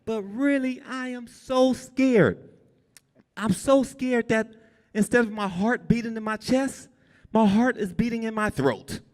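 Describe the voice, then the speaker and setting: A man telling a comic story live on stage, animated and jumping high when he quotes people. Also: a little slow. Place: brewery event space with an audience. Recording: long reverb in a live venue.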